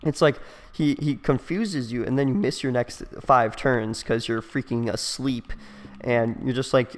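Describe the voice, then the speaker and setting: A man's voice: mid-range voice, little pitch movement, normal speed. A young man hosting a game let's play, rambling and joking in casual chat, with lots of fillers. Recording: long echoey reverb.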